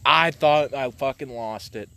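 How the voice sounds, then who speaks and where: A man's voice: mid-range voice, measured pace, bright, forceful tone. An eighteen-year-old man bantering casually, crude and joking, swearing a lot. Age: 18, young adult. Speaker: vlog co-host.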